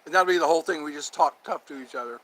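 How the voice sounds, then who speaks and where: Guy vlogging, kinda high voice, joking and doing a fake tough-guy thing. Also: rapid-fire, fairly bright tone, poor audio. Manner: joking, slips into mock tough-guy talk; laughs at his own jokes. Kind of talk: casual vlog chat.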